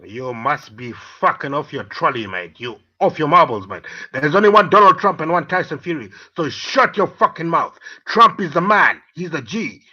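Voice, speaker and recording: A man argues on a live stream in a high, lively voice. His tone is bright and sharp as he hurls insults and taunts. He rarely lets anyone else finish. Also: normal speed, hardly any pauses, breathy edge, muffled recording. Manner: abusive, shouting insults, taunting. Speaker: caller. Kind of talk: heated live-stream argument.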